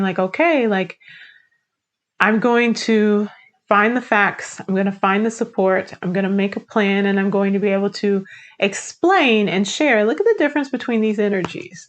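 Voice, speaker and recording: A woman tarot reader talking casually to her viewers, chatty and encouraging, with a lot of "like" as she walks through the cards. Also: mid-range voice. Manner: chatty, encouraging, uses "like" often. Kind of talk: casual tarot reading to camera.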